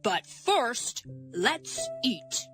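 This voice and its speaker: A woman's voice: on the high side, big pitch swings, extremely slow, over music, heavily acted. A woman voicing a grumbling father bear in a storybook reading, staying close to her own voice. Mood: calm.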